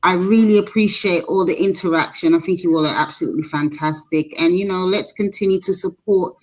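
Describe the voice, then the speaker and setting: A woman's voice: fairly low pitch, brisk. A woman from England, a grateful guest speaking casually on a live stream.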